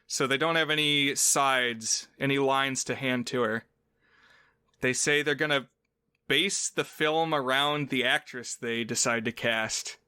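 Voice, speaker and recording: A man co-hosting a film podcast in a loose, chatty way, drifting into playful asides as he explains. His voice is bright and crisp, with a dry, close sound and no room around it. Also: mid-range voice, unhurried, dry recording. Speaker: podcast co-host. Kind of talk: casual film podcast chat.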